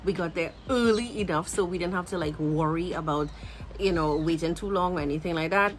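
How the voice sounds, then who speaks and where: Chatty Trinidadian woman, low voice. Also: a little fast, slight background noise. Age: 30s. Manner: chatty, animated storyteller addressing viewers. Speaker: vlogger. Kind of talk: casual storytime chat.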